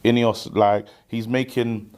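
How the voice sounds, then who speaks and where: A man's voice: medium pitch, flat delivery, slow pace, darkish tone. A man from Nigeria giving a casual fan opinion, hesitant and stumbling over his words.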